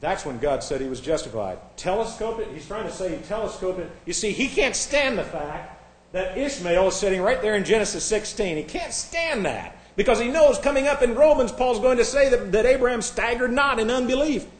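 Preacher guy, kinda high voice, sarcastic and fired up, quiet asides then loud jabs, echoey hall sound. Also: sing-song, fairly quick. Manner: combative, sarcastic, swings from hushed asides to loud outbursts. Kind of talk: sermon.

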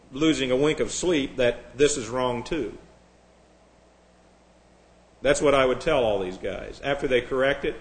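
A man preaching a sermon in a sarcastic, mocking way. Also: mid-range voice. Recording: echoey room.

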